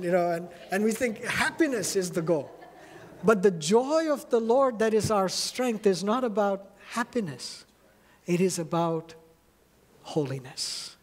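Man, pastor, sermon, slightly high voice, impassioned, repeats words for emphasis. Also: a little hiss or hum.

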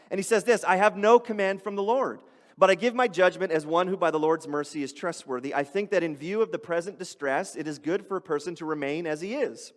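Male pastor, high voice, chatty sermon with asides, long hall reverb. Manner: conversational preaching with casual asides.

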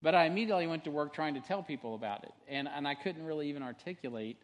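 A man's voice: fairly high pitch, rapid-fire. Earnest male pastor in a reverberant hall. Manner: conversational storytelling with frequent restarts and asides; earnest and animated when testifying. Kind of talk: sermon.

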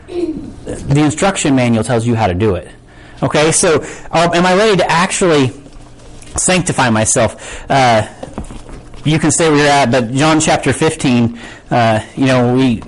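A man's voice: medium pitch, poor audio. A man preaching a casual, conversational sermon to his congregation, often asking "right?" and loosely losing and finding his place. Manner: chatty, asks "right?" often, loses his place and laughs it off. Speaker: pastor.

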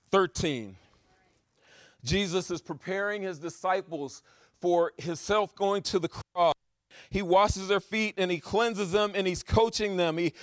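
A man preaching a sermon, swinging between loud exhortation and quiet asides, driving his points home with repeated rhetorical questions. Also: high-pitched, clear, resonant tone, dry recording, clean studio sound.

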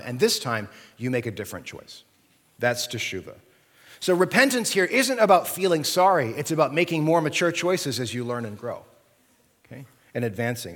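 Male pastor, slightly high voice, conversational sermon, long hall reverb. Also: a bit bright. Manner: conversational preaching with frequent "right?" and "okay?".

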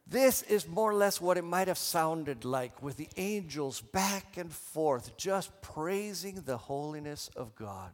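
Animated male preacher in a reverberant church. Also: fairly high pitch, unhurried, hardly any pauses. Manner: animated, leads congregation in call and response. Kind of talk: sermon. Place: church sanctuary.

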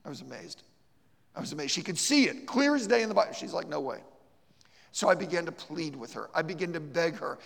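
Gravelly preacher in a reverberant church. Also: male voice, fairly high pitch, expressive, quick pace, a bit bright. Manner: emphatic, repeats words in restarts, storytelling. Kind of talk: sermon. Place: church sanctuary.

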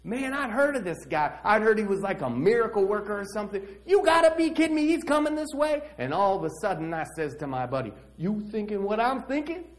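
A man playing a streetwise blind beggar who tells his own story in a church monologue, slangy and animated. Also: high-pitched, fairly quick, few pauses. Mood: excited. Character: streetwise blind male beggar, brash and eager. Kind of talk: dramatic monologue in a church service.

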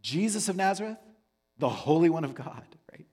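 A male pastor with a slightly high, husky voice preaches in a relaxed, conversational way, often stopping to check that his listeners follow. His words ring out with the long reverb of a large church hall. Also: moderate pace. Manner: conversational, asks the room "right?" often. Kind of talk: sermon.

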